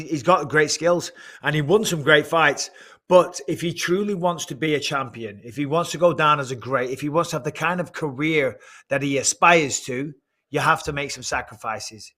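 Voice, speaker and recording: A man's voice: on the high side, bright, forceful tone. A British man working as a fight analyst, trading mock-pompous teasing banter with his co-hosts over a video call. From Britain. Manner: boastful mock-pompous ribbing. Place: remote studio at home.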